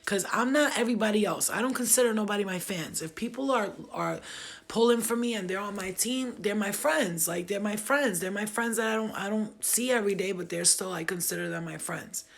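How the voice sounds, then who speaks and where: Husky, gravelly New woman storyteller. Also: medium pitch, brisk. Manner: blunt, profane, emphatic. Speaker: live streamer telling her story. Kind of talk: casual unscripted storytelling.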